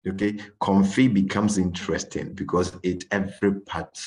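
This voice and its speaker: A man with a West African English accent, answering questions in a session and telling anecdotes in an animated, playful way. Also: sits low, moderate pace. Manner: animated, acts out little scenes. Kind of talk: informal talk with anecdotes.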